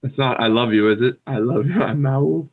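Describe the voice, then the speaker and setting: American guy guessing out loud, laughs a lot, sounds like a thin phone line. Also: mid-range voice, a little fast. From United States. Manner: thinks aloud, laughs easily. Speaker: podcast co-host. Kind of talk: casual bilingual chat.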